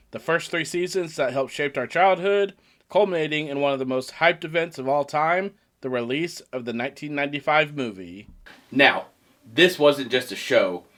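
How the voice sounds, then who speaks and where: A man hosting a comedic movie review show, animated and joking, poking fun at himself. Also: medium pitch. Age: adult past teens. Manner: animated, joking, self-mocking.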